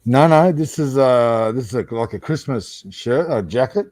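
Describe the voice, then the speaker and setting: A man co-hosting a casual livestream from a computer mic on a video call, loud and sweary, laughing often as he tells stories. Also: mid-range voice, animated, normal speed, no room sound. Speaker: livestream co-host.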